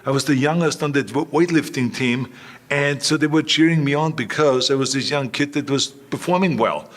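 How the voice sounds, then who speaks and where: Speaking at normal speed in a fairly high voice, this interview guest tells stories with emphasis and keeps repeating phrases throughout the storytelling conversation.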